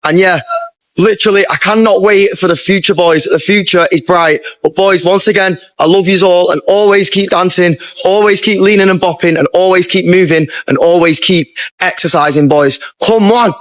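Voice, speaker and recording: A man's voice: sits high, fairly even intonation, normal speed, no room sound. A man recording a farewell message to his followers in a matey way, keeps calling them boys.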